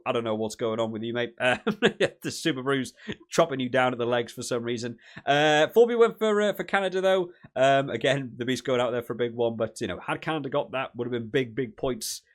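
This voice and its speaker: A young man hosting a rugby channel, talking casually through rankings and prediction results with lots of fillers and small laughs. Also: medium pitch. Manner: chatty, laughs between points, lots of fillers.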